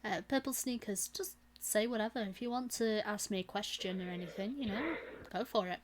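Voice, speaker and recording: A woman chatting on her live stream, giggling often between lines. Her pitch sits mid-range for a woman. A faint hiss sits under her voice. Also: brisk. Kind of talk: casual stream chat.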